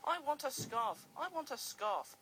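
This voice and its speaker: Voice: mid-range voice, animated, slow pace, a bit bright, slight background noise, pitched above the performer's own voice. A storybook narrator voicing a small cheeky tank engine who chants whiny refrains. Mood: cheeky whining.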